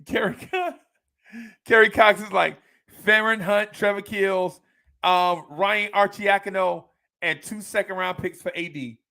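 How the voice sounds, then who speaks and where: A man with a New Jersey accent hosts a casual podcast in a high, bright voice with a gravelly edge. He talks slowly and playfully, with lots of slang, and often laughs and circles back over his own words. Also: fairly even intonation. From Jersey City, New Jersey. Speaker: podcast host reading listener comments. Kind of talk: casual live podcast chat.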